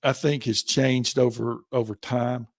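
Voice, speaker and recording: A man in his sixties hosting a chat show, talking in a halting way with many restarts. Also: mid-range voice, level tone, gravelly, dry recording. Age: 60s. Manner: halting, full of fillers and restarts. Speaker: show host. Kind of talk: casual chat.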